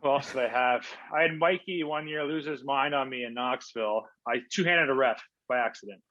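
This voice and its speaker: With a sharp tone and a mid-range voice, this ex-hockey player talks a little fast as he tells rambling, filler-heavy stories in a relaxed interview. The remote audio has no echo but sounds dull and lo-fi.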